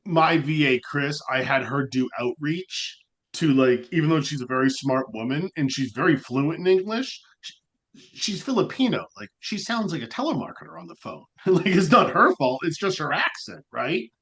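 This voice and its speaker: This podcast co-host speaks at a moderate pace in a voice on the high side. His casual chat rambles along, animated and packed with fillers, especially "like."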